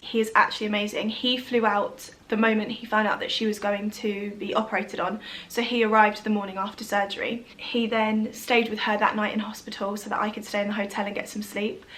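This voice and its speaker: A woman's voice: mid-range voice, level tone, a little fast, hardly any pauses, a bit bright, slight background noise. A young woman, telling a personal story to camera in a chatty way, full of "like" and "literally". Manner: chatty, frequent fillers like "like" and "literally". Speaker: vlogger.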